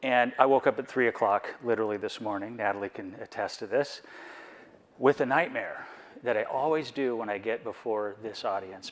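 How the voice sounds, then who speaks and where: A man on a conference board giving a reflective, personal talk, earnest and full of rhetorical questions. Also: lowish voice.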